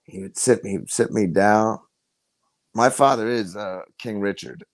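A man as a podcast guest, telling personal stories in an earnest, halting way with many restarts. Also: fairly low pitch, no echo. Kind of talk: personal storytelling in conversation.

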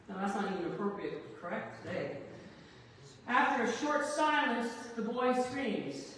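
A woman's voice: fairly high pitch, expressive, measured pace, fairly bright tone, slight background noise. Woman pastor preaching in an echoey hall. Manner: storytelling with jokes, acting out quoted voices. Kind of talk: sermon. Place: church sanctuary. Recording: echoey church hall from far off.

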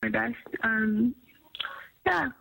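A man's voice: extremely high pitch, drawn-out words, creaky, pushed and bright, dry recording, exaggerated voice, rough recording. A man putting on a young woman's voice, reading a loving goodnight voicemail. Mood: tender. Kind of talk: voicemail read aloud.

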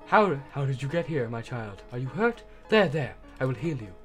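A man voicing a gentle, motherly female goat monster, reading her game lines softly in a put-on accent. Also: medium pitch, big pitch swings, normal speed, faint music behind. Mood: tender. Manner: soft, kindly, doting, speaks in an accent. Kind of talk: reading game dialogue aloud.

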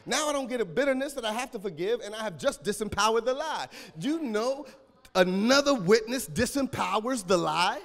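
Male pastor, high voice, AAVE, shouting sermon with a cracking voice, echoing church hall. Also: animated, a little fast. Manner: preaching with call-and-response and sudden shouts.

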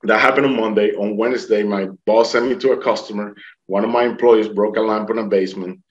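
A middle-aged man who survived a near-death experience tells his story in an interview, speaking fast in a lowish voice. English is his second language, so his grammar is non-native, and he animatedly acts out what other people said. The recording is dull and lo-fi.

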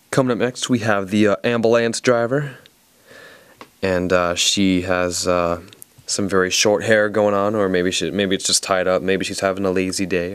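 Southern-accented man, casual reviewer, lowish smooth voice, dry close sound, rambling playful jokes. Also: no echo. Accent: Southern American. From American South. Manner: rambling, jokey, playful asides. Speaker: toy reviewer.

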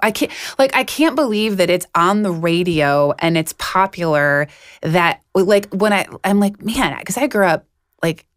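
Woman, 40s, podcast co-host, animated storytelling, frank, lowish voice, dry sound. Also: a little slow, no echo. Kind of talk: casual chat.

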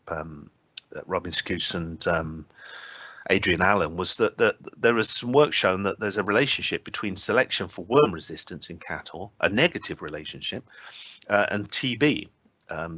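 An invited speaker at an online scientific symposium gives an academic talk in a low, bright, forceful voice, recorded dry. He is hesitant, with frequent filler sounds, but adds touches of dry humour.

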